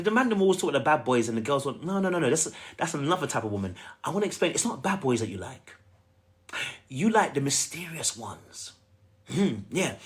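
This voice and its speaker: Animated man coaching. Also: high voice. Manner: animated, repetitive, emphatic and chatty. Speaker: dating coach. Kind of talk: livestream coaching talk.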